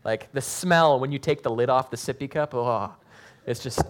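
A pastor giving a sermon, reading scripture dramatically and then explaining it in a casual, joking way. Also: male voice, medium pitch, animated, a little fast.

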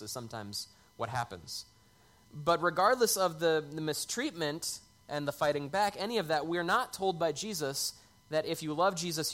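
A man's voice: a little high, a bit bright. A man preaching a sermon in a conversational way, lifting his voice on key words. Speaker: pastor.

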